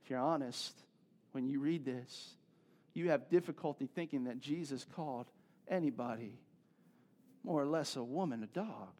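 A man's voice: medium pitch, normal speed, darkish tone. A male pastor giving a sermon in a conversational way, with joking asides and questions to the congregation.

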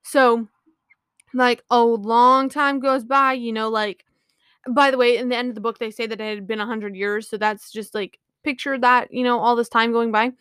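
Smooth-voiced rambling woman podcaster. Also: a little high, fairly even intonation, moderate pace, a bit bright, no echo, clean studio sound. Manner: rambling, filler-heavy, often apologizing. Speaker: podcast host. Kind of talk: casual retelling of a book.

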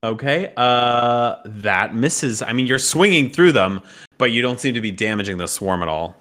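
A man's voice: mid-range voice, animated, normal speed, fairly bright tone. A man narrating as game master of a tabletop game, laughing often and stopping for fillers and restarts as he describes the scene.

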